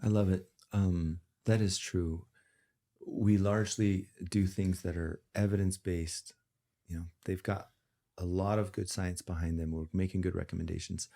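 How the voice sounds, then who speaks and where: Male physician, podcast chat: gravelly and mellow, candid, emphatic bursts. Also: low-pitched, steady tone, normal speed. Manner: candid, emphatic, building to passionate outbursts. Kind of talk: podcast conversation.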